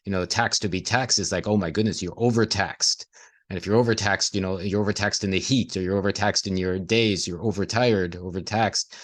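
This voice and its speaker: A man's voice: low-pitched, steady tone, a little fast, few pauses, a bit bright. A man in casual conversation, talking reflectively and playing on the sounds of words.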